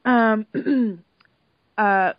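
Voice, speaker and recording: A woman chatting casually as a podcast host, gossiping in an animated way and acting out what people said. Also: mid-range voice, drawn-out words, no room sound. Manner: gossipy, animated, acts out quotes, laughs loudly. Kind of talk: casual chat recapping a reality show. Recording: dull lo-fi sound, dry.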